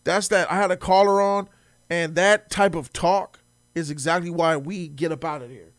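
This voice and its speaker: A man hosting a commentary show, reacting with mocking, animated talk that swings between loud and quiet. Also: on the high side, moderate pace, dry recording.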